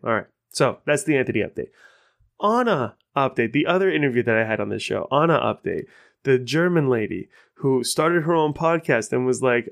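A man's voice: medium pitch, lively intonation, moderate pace, gravelly. A man hosting his own podcast, talking casually in a rambling, self-deprecating way. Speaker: podcast host. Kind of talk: casual solo podcast talk.

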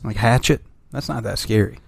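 A man's voice: lowish voice, moderate pace, gravelly, breathy edge, no echo. A man co-hosting a podcast, rowdy and laughing in casual banter. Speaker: podcast co-host.

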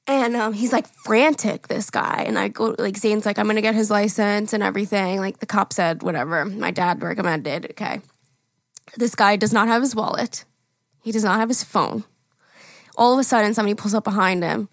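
A woman's voice: mid-range voice, brisk, dry recording. A young woman co-hosting a podcast, telling a story in casual chat, acting out quotes and laughing often. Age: young adult. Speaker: podcast co-host.

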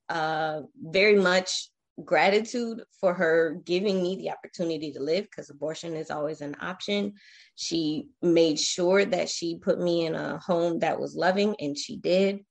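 Interview guest: woman, 40s, slightly low voice, reflective, halting, earnest storytelling. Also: gravelly. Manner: reflective, emotional, halting with fillers.

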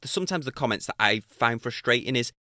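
A man's voice: medium pitch, lively intonation, brisk, bright, forceful tone, no room sound, clean studio sound. A man with a British accent hosting a casual podcast conversation, talking in an earnest, thoughtful way with small restarts. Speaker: podcast host, watch reviewer.

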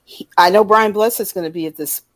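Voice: medium pitch, fairly quick, no echo. A co-host chatting casually on a live stream, telling a story and losing track of words.

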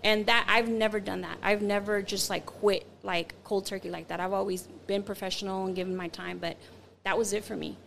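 Woman, gravelly voice, chatty storyteller doing all the voices, a bit of hiss behind. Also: medium pitch, brisk. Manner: animated, acts out quotes, many fillers. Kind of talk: casual storytelling chat.

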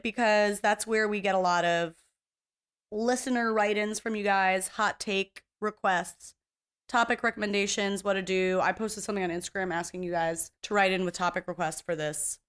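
Smooth and medium-pitched, this woman hosts a podcast on her own in relaxed conversation. She rambles and speaks bluntly, swears freely, pokes fun at herself and shares playfully opinionated takes.

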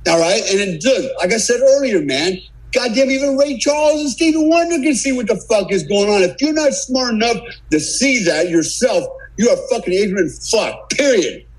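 A man's voice: high-pitched, expressive, moderate pace, low-quality recording. An older man on a podcast as a guest, ranting angrily and with heavy profanity. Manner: angry, profane, emphatic. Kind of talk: heated podcast rant.

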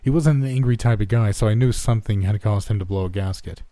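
A man narrating a scripted horror story in steady first-person telling. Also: on the low side, fast, no echo.

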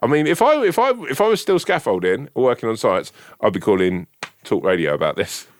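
A man's voice: lowish voice, fairly quick. A man co-hosting a podcast in casual chat, telling stories animatedly and acting out the dialogue. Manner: animated storyteller, acts out dialogue. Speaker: podcast co-host.

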